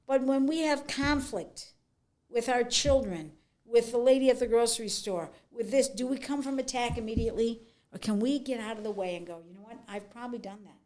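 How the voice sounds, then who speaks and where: Frank, animated middle-aged woman. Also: on the high side, moderate pace. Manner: frank, animated storyteller, acts out quotes. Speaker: author and guest. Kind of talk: conversational interview.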